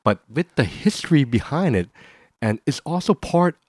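A man co-hosting a podcast, speaking in a measured, thoughtful way that sometimes stumbles over repeated words. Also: medium pitch, sing-song, slightly rough, dry recording, studio quality. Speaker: podcast co-host. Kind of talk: casual podcast chat.

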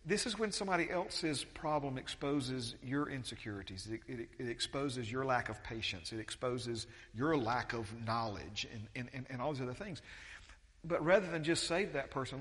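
A man's voice: mid-range voice, animated, moderate pace, fairly bright tone, long reverb tail. A man preaching a conversational sermon as pastor, with many restarts and acted-out quotes.

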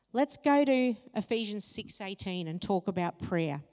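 Animated woman preaching in a reverberant hall. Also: normal speed. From Italian heritage. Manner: lively storytelling, rises in pitch when excited. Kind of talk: sermon with personal stories.

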